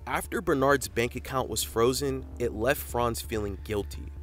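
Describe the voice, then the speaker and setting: A man narrating a documentary in an even, scripted delivery. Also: medium pitch, normal speed, soft background music.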